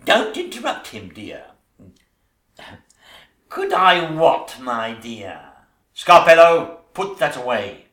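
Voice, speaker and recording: A man's voice: fairly high pitch, huge pitch swings, slow pace, long pauses, fairly bright tone, full character voice. A man playing a catty, vain ugly stepsister in a pantomime stage comedy, with a camp, teasing sing-song delivery. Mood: bossy. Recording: echoey stage recording.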